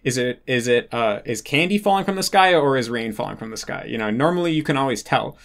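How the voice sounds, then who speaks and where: A man's voice: mid-range voice, lively intonation, fast talker, creaky, fairly bright tone. A man explaining a concept in casual talk, working through examples with frequent restarts and fillers.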